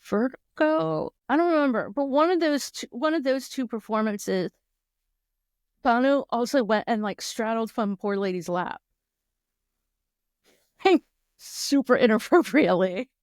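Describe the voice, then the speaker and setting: A woman's voice: a little high, lively intonation, moderate pace, clear, resonant tone, dry recording, clean studio sound. A woman co-hosting a podcast, chatting casually with lots of fillers and laughter. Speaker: podcast co-host. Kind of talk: casual chat.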